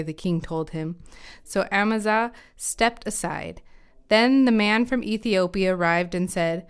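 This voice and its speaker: Woman with a very clear reading voice. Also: mid-range voice, unhurried. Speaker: Bible reader. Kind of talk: scripture reading.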